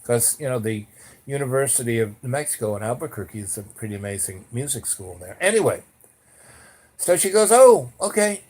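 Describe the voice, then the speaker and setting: A man's voice: fairly quick, slightly rough. A man telling a personal story in a casual, rambling way, full of "you know" and "like" fillers. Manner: lively shifts in pitch and loudness while telling. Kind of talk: casual spoken anecdote.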